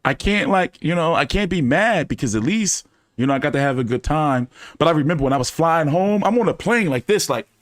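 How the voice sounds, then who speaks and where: Animated, profane man telling stories. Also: fairly high pitch, no room sound, studio quality. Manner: animated, profane, many fillers. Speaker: streamer hosting a fan chat. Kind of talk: casual storytelling to a live chat.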